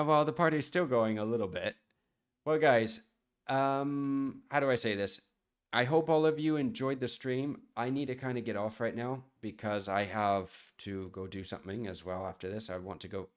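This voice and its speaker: Chatty man with a lowish voice. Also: steady tone, normal speed. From United States. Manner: chatty, rambling, answers viewer chat. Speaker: chef and streamer. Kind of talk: casual live-stream chat.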